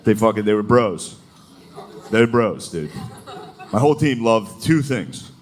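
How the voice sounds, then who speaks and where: A man's voice: on the low side, expressive, a little slow. A man doing a stand-up comedy set, crude and profane, laughing his way through his lines. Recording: noisy recording.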